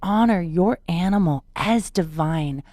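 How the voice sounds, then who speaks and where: A woman's voice: fairly low pitch, unhurried, warm tone, no room sound, studio quality. A woman guest on a podcast interview, earnestly telling a personal story and repeating words for emphasis. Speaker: podcast guest, spiritual teacher.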